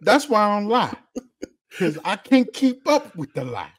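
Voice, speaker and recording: A man co-hosting a casual podcast, telling blunt, laughing stories in relaxed slang. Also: high voice, unhurried, slightly rough. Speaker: podcast co-host.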